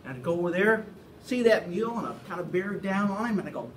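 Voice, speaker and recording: A man telling a folksy, animated anecdote in a casual way. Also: sits high, brisk, recorded from a distance, slight background noise, rough recording. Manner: folksy, animated yarn-spinning. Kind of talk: anecdotal storytelling.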